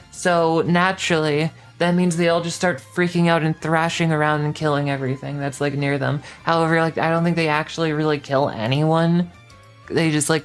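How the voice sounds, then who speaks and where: A young woman streaming casually, rambling and swearing in exasperation as she recaps a story. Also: deep voice.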